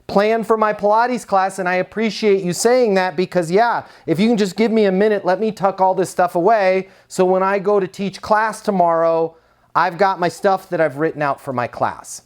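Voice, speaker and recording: A man voicing his wife as a calm, accommodating adult woman, a bit higher than his usual talk. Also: moderate pace, clear, resonant tone, lightly acted.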